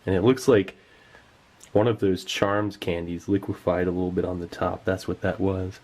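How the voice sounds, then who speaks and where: A man's voice: deep voice, flat delivery, moderate pace, a little mellow. A man giving casual, enthusiastic commentary while tasting old rations, sometimes talking with his mouth full. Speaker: food tasting vlogger.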